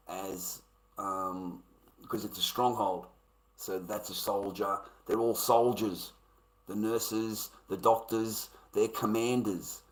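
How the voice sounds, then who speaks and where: Aussie bloke on a livestream, lowish voice, sharp edge, swears nonstop, blunt. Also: male voice, low-quality recording. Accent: Australian. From Australia. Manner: profane, blunt, swears constantly. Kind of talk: casual livestream rant to chat.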